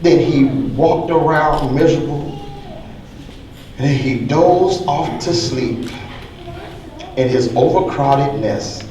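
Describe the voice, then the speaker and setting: A man reading a rhyming story aloud in a lively, sing-song way. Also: on the high side, slow pace, long pauses. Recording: echoey hall from far off, faint noise.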